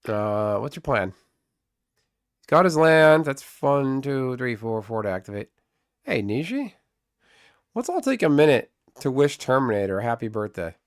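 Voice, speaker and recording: A man's voice: medium pitch, sing-song, normal speed, pauses often, clean tone, no echo, clean studio sound. A man streaming live gameplay commentary, muttering to himself and trash-talking his opponent.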